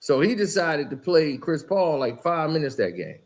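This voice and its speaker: A man's voice: on the high side, sing-song, measured pace, pauses often. A man giving casual, rambling basketball commentary, telling the story in a loose way with lots of "you know" and "like".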